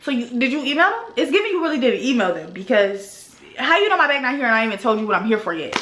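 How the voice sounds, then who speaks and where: A young woman tells a storytime to her viewers, animated and exasperated, with plenty of casual slang. Her voice sits a little high, and the room adds a clear echo around it. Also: quick pace, a little hiss or hum. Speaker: vlogger. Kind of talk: storytime vlog. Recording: roomy echo.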